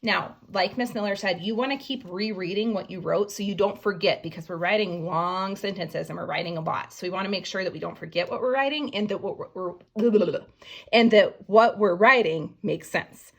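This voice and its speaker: A woman teacher giving a phonics writing lesson to young children, slowly sounding out each word letter by letter. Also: mid-range voice. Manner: slow, sounding out words letter by letter.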